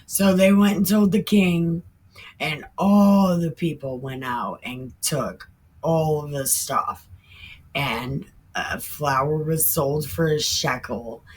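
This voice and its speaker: Slow, irreverent woman reading scripture. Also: low voice, a little hiss or hum, rough recording. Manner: irreverent and chatty, laughs often, swears; drawn-out, emphatic sign-off sayings. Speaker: Bible reading vlogger. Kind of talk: casual Bible reading with commentary.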